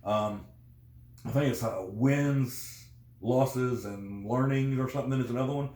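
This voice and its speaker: A man's voice: medium pitch, a little slow, mellow. Man, casual conversation, rambling, fillers, echoey room. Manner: rambling, many fillers and restarts. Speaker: guest. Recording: roomy echo.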